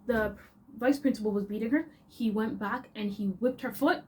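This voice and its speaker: A woman's voice: mid-range voice, moderate pace, slight background noise. Chatty young Canadian woman telling stories. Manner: animated, chatty and expressive. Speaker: vlogger. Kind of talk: casual storytelling.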